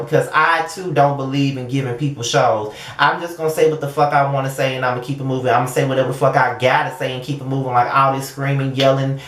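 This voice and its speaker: A young man giving a blunt, profane, animated casual commentary as a show reviewer. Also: fairly high pitch, reverberant.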